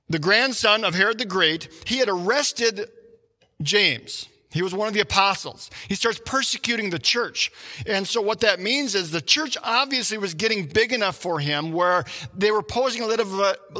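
A male preacher with a bright, forward voice pitched a little above the usual, telling a story in his sermon with lively energy. He acts out the shouts and his own inner thoughts as he goes. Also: long reverb tail. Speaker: pastor.

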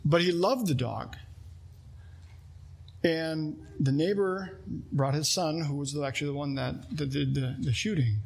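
Husky-voiced preacher, earnest and conversational. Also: male voice, on the high side, measured pace, pauses often. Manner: earnest and conversational, using a volunteer as a live illustration. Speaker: pastor. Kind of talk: sermon.

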